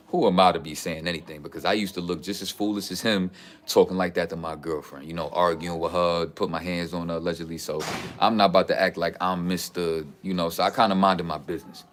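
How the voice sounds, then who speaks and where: A low-voiced man from the Bronx, New York, talks at a quick pace in a casual talking-head vlog. He tells stories in a streetwise, preachy way, dropping "you know what I'm saying" again and again.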